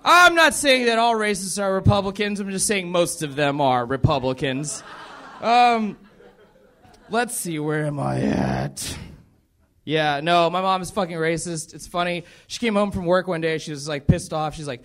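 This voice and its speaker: A man's voice: high-pitched, animated, moderate pace, fairly bright tone. A young man from the American South doing a profane, rambling stand-up set and laughing at his own jokes. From Southern United States. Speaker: stand-up comedian.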